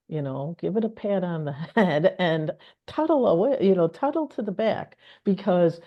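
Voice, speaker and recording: A woman's voice: lowish voice, normal speed. A woman co-hosting a casual spiritual talk, telling stories with laughter and acted-out inner voices. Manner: animated storyteller, laughs often, acts out inner voices. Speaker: co-host of a spiritual wealth course. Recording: dull lo-fi sound.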